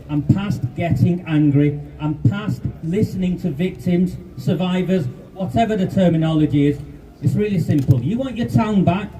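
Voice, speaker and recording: A man's voice: sits high, warm tone, a little hiss or hum. A man, giving an angry, defiant speech at a street protest. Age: 50s. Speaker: rally speaker. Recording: distant outdoor mic.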